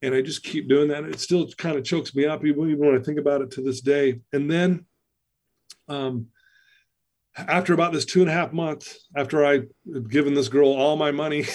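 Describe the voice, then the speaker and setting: A man's voice: a little high, a little mellow. Earnest man telling a personal story. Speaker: podcast guest. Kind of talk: storytelling in an interview.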